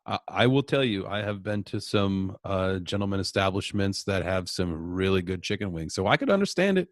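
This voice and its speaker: Low voiced podcast cohost guy, laid back, dry close mic. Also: expressive, brisk, no room sound. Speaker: podcast co-host. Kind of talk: casual chat.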